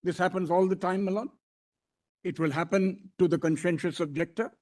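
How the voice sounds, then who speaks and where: In a formal argument before a court bench, an Indian English–accented man keeps a steady tone at normal speed, his high voice a little mellow. He is deferential but emphatic, says "my lord" to the judges, and often starts his phrases over.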